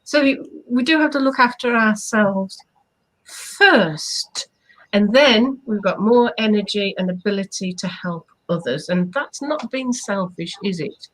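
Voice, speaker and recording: A woman's voice: medium pitch, a little slow, fairly bright tone, poor audio. A woman co-hosting a live online chat, a hypnotherapist who coaches earnestly and asks rhetorical questions. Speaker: hypnotherapist co-host. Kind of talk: casual live-stream chat.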